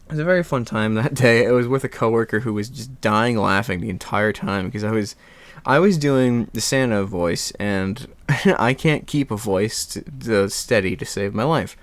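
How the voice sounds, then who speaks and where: A young man vlogging in a rambling, animated casual chat, laughing and swearing now and then. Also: lowish voice, moderate pace, no room sound.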